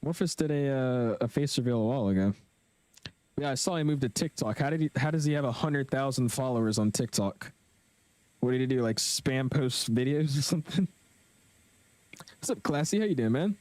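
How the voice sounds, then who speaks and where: A young man casually commentating his flight simulator live stream, chatting with viewers in a relaxed, slangy way. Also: medium pitch, a little fast, no room sound. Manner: laid-back, chatty, slangy, reads chat aloud.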